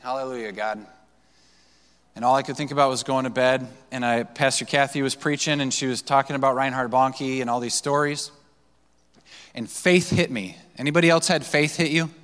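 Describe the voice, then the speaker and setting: A man preaching to his congregation in a relaxed, storytelling way, with frequent fillers and restarts. His voice sits at an ordinary middle pitch. A long church-hall reverb trails behind each phrase. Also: brisk. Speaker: pastor. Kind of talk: sermon. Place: church sanctuary.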